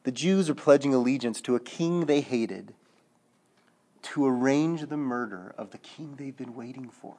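Animated male preacher. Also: medium pitch, normal speed. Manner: animated, acts out quotes, checks in with listeners. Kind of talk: sermon.

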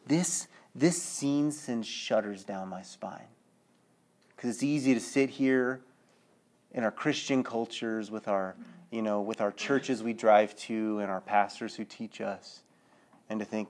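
A man preaching a sermon, animated, acting out quotes and checking in with his listeners, dropping low and quiet at the sad points. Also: measured pace.

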